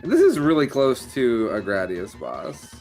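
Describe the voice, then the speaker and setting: A man's voice: medium pitch, wildly swooping pitch, unhurried, a little mellow, faint music behind. A man co-hosting a casual chat about retro games, jokey and riffing on silly details. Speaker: podcast co-host.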